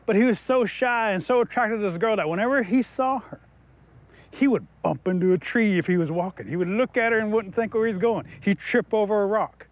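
A man telling a traditional folktale aloud, lively, with playful asides to listeners. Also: high voice, a little fast. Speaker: storyteller. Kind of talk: oral storytelling.

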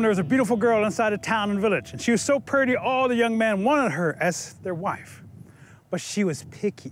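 High-voiced man telling a folktale. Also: slight background noise. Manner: lively, playful asides to the audience. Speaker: storyteller. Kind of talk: oral storytelling.

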